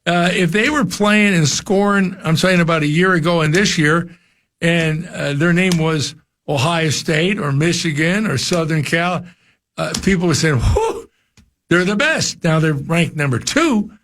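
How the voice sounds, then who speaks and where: An older former college football coach from New Jersey appears as a guest on sports radio, chatting casually and rambling. He often repeats his first words when starting a thought. His voice is fairly high and bright, a little slow, with slight background noise.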